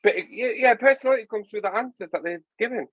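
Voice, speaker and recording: A man in his forties with a Northern English accent, chatting casually as a podcast host, animated and jokey. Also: high-pitched, fast talker, muffled recording. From England. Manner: animated, jokey, puts on voices. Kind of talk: casual chat.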